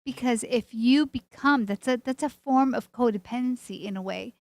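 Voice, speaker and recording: A woman's voice: a little high, normal speed, darkish tone, dry recording. A woman co-hosting an interview, talking enthusiastically and rambling through her points. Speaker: co-host. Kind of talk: casual interview chat.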